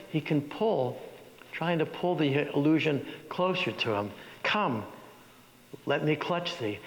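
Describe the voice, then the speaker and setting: A man teaching an acting workshop, talking with energy and often stopping to restart his sentences. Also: on the high side. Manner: energetic, many restarts and stammers. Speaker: workshop leader. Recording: echoey hall with faint noise.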